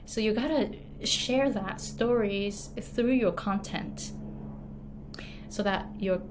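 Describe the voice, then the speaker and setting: Slow-speaking woman with a Japanese accent. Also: medium pitch, a little hiss or hum. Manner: chatty, laughs often, many fillers and tag questions. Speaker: online business and pronunciation coach. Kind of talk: casual storytelling advice to camera.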